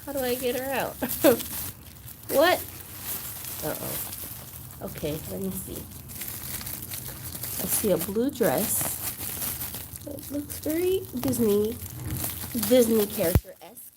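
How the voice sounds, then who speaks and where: A woman hosts an unboxing vlog in a gushing, exclamatory way, sometimes close to tears. Her pitch jumps all over the place. A faint hiss of noise sits under the recording. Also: very animated, unhurried, pauses often. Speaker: doll collector channel host.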